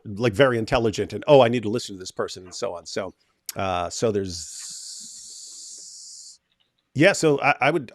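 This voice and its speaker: A male host runs a casual livestream, reading viewer chat comments aloud, thinking out loud, and giving feedback on a video. His voice is mid-range. The recording is dry and studio quality.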